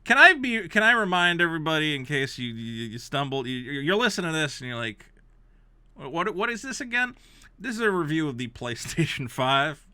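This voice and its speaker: A man rants through comedic reaction commentary in a sharply bright voice that leaps high and dips low. He sounds exasperated and sarcastic, swinging from loud outbursts to low mutters. The recording is close and dry. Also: sing-song, brisk, smooth, no room sound. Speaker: host reacting to a game console review.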